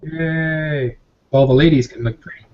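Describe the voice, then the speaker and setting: A man's voice: a little high, steady tone, a little slow, darkish tone, lo-fi sound. A man hosting a casual group video chat, rambling and laughing, often repeating his words. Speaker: host of a motovlogger hangout.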